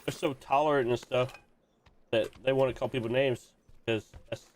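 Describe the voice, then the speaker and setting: A man's voice: medium pitch, steady tone, normal speed, slight background noise. A man streaming a game, chatting casually and ranting with opinionated restarts. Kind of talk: casual gaming stream chat.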